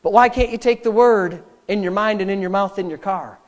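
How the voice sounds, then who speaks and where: A middle-aged male pastor delivers a sermon in a high voice. He drives his points home with repeated phrases and shifts between loud emphasis and soft prayer. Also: a little fast. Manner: emphatic preaching with repetition, dropping to quiet prayer.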